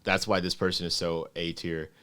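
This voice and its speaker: A man with a fairly low voice co-hosts a casual podcast chat. He swears freely, laughs easily and slips into the characters he quotes. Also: level tone, normal speed, bright, forceful tone, clean tone. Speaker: podcast co-host.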